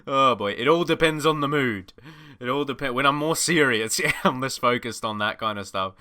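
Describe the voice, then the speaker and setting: An Australian man giving casual, excitable commentary over a football management game, chatty and laughing often. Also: medium pitch, moderate pace. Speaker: gaming YouTuber.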